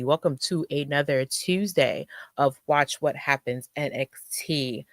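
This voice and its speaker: A host chatting casually on a live stream, close to the mic, repeating phrases and giving shout-outs. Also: medium pitch, measured pace, few pauses, no echo.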